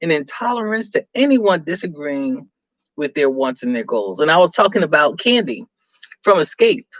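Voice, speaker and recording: A woman's voice: low-pitched, sing-song, moderate pace, no room sound. Chatty woman hosting a live stream. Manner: chatty, teasing, frequent laughs. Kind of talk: casual live-stream chat reading viewer comments.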